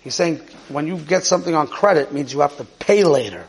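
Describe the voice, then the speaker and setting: A man's voice: a little high, fairly quick, breathy edge, poor audio. A man teaching a Torah lesson, explaining steadily and repeating key words as he goes. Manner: explanatory, repeats key words, mixes Hebrew and Yiddish terms. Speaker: rabbi teaching a class.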